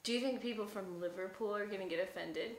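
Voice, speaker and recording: A woman's voice: mid-range voice, fast talker. A woman co-hosting a casual chat, teasing and laughing along. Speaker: podcast co-host. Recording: echoey room.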